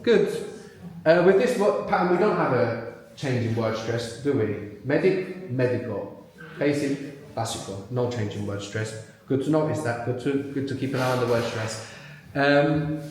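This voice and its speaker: A man's voice: medium pitch, a little mellow. A male language teacher leading a live workshop, patiently quizzing learners and repeating words back to them. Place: workshop room with live audience. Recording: very echoey room.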